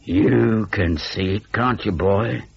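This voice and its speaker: A sinister old man speaks in slow, measured, dryly menacing words, as a male narrator puts him on. His voice is low and husky. The recording is dull and lo-fi. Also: soft background music, exaggerated voice.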